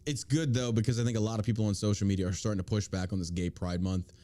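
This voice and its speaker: A man's voice: on the low side, fairly even intonation, fast, warm tone. A man hosting a podcast, talking in a sarcastic, profane way and slipping into mocking voices. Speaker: podcast host. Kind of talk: crude political comedy chat.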